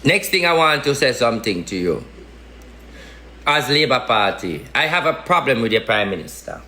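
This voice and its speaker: A man's voice: medium pitch, big pitch swings, moderate pace, sharp tone, reverberant. A man from Jamaica with a Jamaican Patois accent, giving a casual political rant with emphatic, repetitive, slangy talk. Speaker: political commentator.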